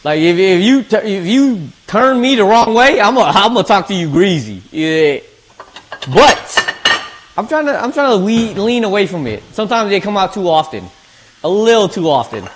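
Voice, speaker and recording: A man's voice: sits high, sing-song, moderate pace. A man streaming, chatting casually while he eats, laid-back and slangy, often repeating his words. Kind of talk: casual chat while eating.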